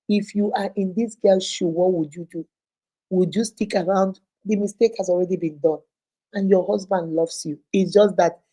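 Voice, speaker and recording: A Nigerian woman with a husky, mellow voice hosts an advice show for her viewers. She retells a caller's story in an expressive, heartfelt way, slipping into pidgin phrases. Her voice has a gravelly edge. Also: on the low side, low-quality recording.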